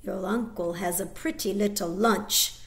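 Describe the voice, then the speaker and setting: A woman's voice: mid-range voice, steady tone, unhurried, natural voice. A woman reading the lines of a suspicious, harsh male soldier who barks questions with scorn. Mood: gruff. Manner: barking, scornful.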